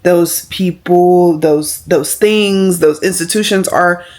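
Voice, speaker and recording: A woman's voice: on the low side, slow, no echo. A woman, chatting casually in a vlog. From Alabama. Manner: chatty, animated storytelling with acted-out quotes. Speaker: vlogger.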